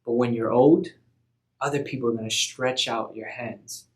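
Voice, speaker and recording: A man voicing Jesus as a gentle, calm grown man who talks in casual, modern words. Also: medium pitch, moderate pace, close to an everyday voice. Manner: casual, modern everyday wording.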